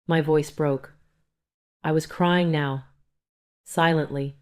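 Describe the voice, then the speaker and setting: An older woman narrating a first-person story in a slow, emotional, confessional manner. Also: low voice, steady tone.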